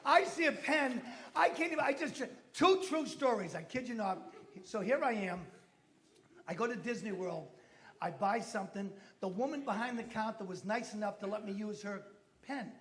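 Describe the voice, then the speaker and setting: A man's voice: high voice, moderate pace, a bit bright. A middle-aged man doing a stand-up routine, telling punchy stories with sudden exclamations and swearing. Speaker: stand-up comedian. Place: comedy club stage.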